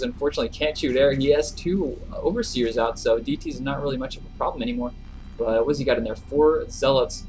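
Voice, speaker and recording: A man giving relaxed, chatty video game commentary, chuckling often between plays. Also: mid-range voice, background noise. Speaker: game caster.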